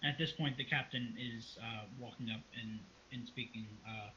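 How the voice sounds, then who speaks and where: A man runs a tabletop role-play, narrating loosely with plenty of fillers. His voice is bright and forward. The recording is muffled and lo-fi. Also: medium pitch, steady tone, moderate pace, slight background noise. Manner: casual, full of fillers. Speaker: game master. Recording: dull lo-fi recording.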